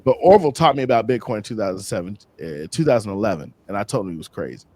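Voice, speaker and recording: A man being interviewed, telling casual stories in a slangy, animated way and acting out other people's lines. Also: on the low side, very fast, dry recording. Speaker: interview guest. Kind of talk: casual storytelling.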